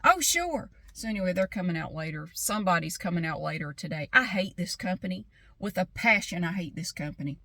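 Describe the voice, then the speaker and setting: A woman's voice: on the low side, quick pace, bright, forceful tone, dry recording. A woman vlogging in a casual, candid way, swearing freely and acting out both sides of conversations as she tells a story. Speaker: vlogger and paralegal.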